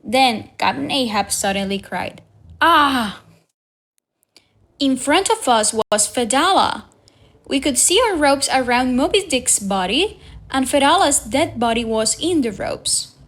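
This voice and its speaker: A woman reading a storybook aloud for young learners, slow, clear and careful. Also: sits high, expressive, fairly bright tone. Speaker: reader.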